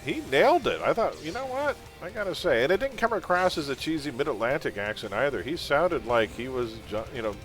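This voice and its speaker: A man's voice: a little high, very animated, brisk, hardly any pauses, music in the background. A man chatting casually while live-streaming a game, laughing often and drifting into pop-culture tangents.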